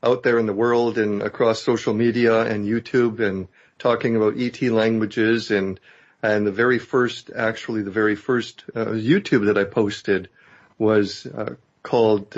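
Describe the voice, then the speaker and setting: Man, lowish voice, halting with fillers, dull lo-fi sound, casual interview host. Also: steady tone. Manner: conversational, halting with many fillers. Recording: dull lo-fi audio.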